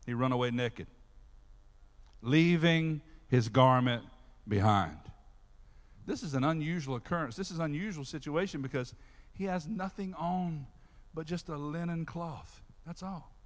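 A man preaching a sermon as pastor, talking straight to his congregation in an animated way. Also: on the high side, a little slow. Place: church sanctuary. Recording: long reverb of a large hall.

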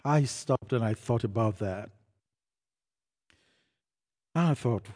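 A man preaching a personal testimony to a church audience, telling it as a story and building to loud, emphatic peaks. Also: mid-range voice, slow, husky. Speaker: preacher sharing his testimony. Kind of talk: sermon testimony.

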